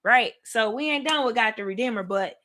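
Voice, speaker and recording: A woman hosting a livestream Bible study, teaching in an excited, casual way and talking straight to her viewers. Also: fairly high pitch, fairly quick. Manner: animated, laughing, talks to viewers as y'all.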